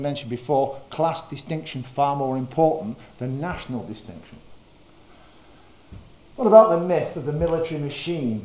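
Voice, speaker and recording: A man's voice: medium pitch, a little mellow, a little hiss or hum. Northern English man lecturing, echoey hall. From northern England. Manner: measured, with frequent uh fillers and quoted passages. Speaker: history lecturer. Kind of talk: lecture presentation.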